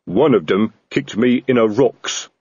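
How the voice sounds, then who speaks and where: A man voicing a blunt, slow-spoken male troll sergeant in an audiobook, gruff and low, on a slightly dull, dry recording. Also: darkish tone, no room sound. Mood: grumbling.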